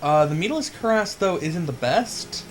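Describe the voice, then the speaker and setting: A man's voice: fairly high pitch, animated, moderate pace, rough recording. Giggly young male caster, music behind. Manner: laughs easily, self-deprecating. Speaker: esports caster. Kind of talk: casual game commentary.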